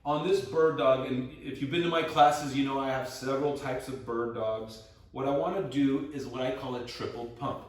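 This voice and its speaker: A man leading a guided floor stretching class, playful and encouraging as he counts breaths and reps. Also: mid-range voice. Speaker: exercise instructor. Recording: roomy echo, mic at a distance.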